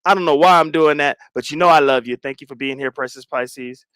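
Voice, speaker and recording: Male livestream host, fairly high voice, dry close mic, slangy and animated. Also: a little fast, clear, resonant tone, no echo. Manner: animated, swings between loud and mumbled asides; slangy, repeats phrases. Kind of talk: casual livestream chat.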